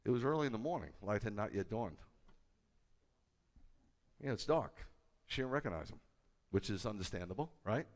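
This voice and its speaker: A man, a rabbi, preaching a sermon with a conversational manner and bursts of loud, emphatic delivery. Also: fairly low pitch, moderate pace, pauses often. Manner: animated, rising to loud emphatic peaks. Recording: hall with long reverb.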